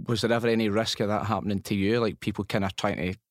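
Scottish man, podcast host, rapid casual talk, low voice, dry close mic. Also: steady tone, dry recording. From Scotland. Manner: quick, rambling questions, casual slang. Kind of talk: casual interview chat.

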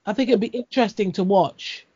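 A woman's voice: medium pitch, brisk, dark tone, slightly rough. A woman in a casual chat, blunt and sweary, telling stories with laughs. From Britain. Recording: dull lo-fi audio.

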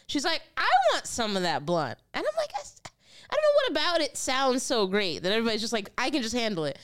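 A young woman hosting a podcast, telling stories in a casual, animated way. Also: on the high side, fast, smooth. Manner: animated storytelling with laughs. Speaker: podcast host. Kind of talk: casual chat.

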